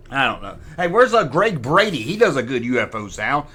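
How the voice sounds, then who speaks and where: A man's voice: medium pitch, very animated, fairly quick, sharp tone, breathy edge. A middle-aged man hosting a comic toy review. He makes sarcastic asides and imitates sound effects with his mouth. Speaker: toy collector host.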